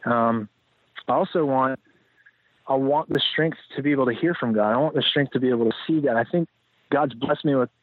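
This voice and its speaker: This mid-range male voice moves briskly over a dry, tinny connection that sounds like a phone. As a podcast guest in casual interview talk, he reflects and rambles, often using fillers and restarting sentences.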